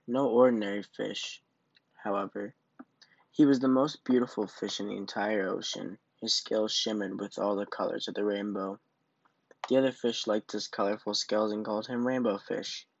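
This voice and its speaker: A man reading a children's picture book aloud as storyteller, in a slow, gentle manner. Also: on the low side, gravelly, no echo, highs cut off.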